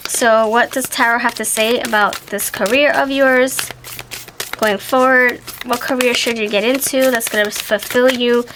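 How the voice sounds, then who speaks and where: Chatty woman with a slightly high voice. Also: normal speed, background noise. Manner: chatty and animated, with exclamations and self-corrections. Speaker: tarot reader. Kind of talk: casual pick-a-card tarot reading to viewers.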